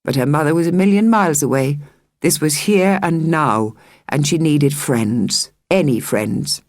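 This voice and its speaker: A woman reading a children's novel aloud as an audiobook narrator, measured and expressive. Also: deep voice, no echo, clean studio sound. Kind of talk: scripted narration.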